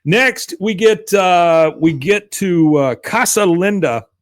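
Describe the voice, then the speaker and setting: A man co-hosting a podcast, casually recapping an episode and acting out characters' lines in a higher voice. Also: slow. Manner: retells scenes, acting out lines with raised pitch. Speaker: podcast co-host.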